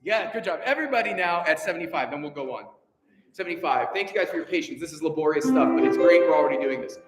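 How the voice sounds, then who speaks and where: A man's voice: a little high, lively intonation, fast talker. A man directing a choir rehearsal, coaching German diction, counting in, and encouraging the singers. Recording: echoey hall, piano in background.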